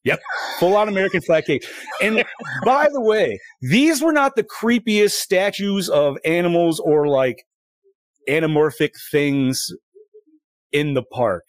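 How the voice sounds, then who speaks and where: A man's voice: high-pitched, animated, unhurried, dry recording. A man in his thirties co-hosting a casual chat, laid-back and swearing a lot. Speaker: podcast co-host. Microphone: streaming setup with ring light.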